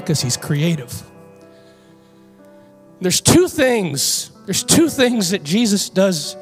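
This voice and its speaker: A woman with a lowish voice preaches a sermon in a church sanctuary. She animatedly tells a personal story, building toward emphatic calls to her listeners.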